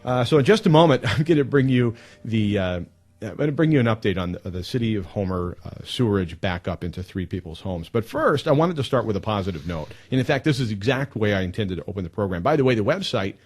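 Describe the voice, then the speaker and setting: A man hosting a live talk radio show, telling stories in an emphatic, animated way into a studio mic. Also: fairly low pitch, fast.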